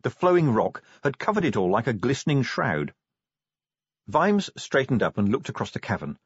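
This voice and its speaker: Male audiobook narrator, husky and animated, lo-fi dry sound. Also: mid-range voice, moderate pace, no echo. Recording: dull dry lo-fi recording.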